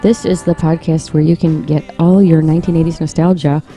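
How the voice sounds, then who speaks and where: A woman co-hosting a casual podcast, tossing off teasing, dry remarks. Her voice is mellow and darkish, and faint music sits low under the talk. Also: flat delivery. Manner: teasing, dry quips and quick agreements. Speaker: podcast co-host. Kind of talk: casual chat about eighties pop culture.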